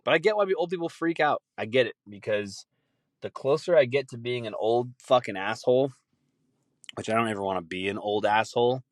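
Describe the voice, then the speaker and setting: A man's voice: medium pitch, fairly quick, dry recording, studio quality. A man hosting a podcast, rambling in a casual solo rant full of swearing and laughter. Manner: rambling, profane, laughing often. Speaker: podcast host.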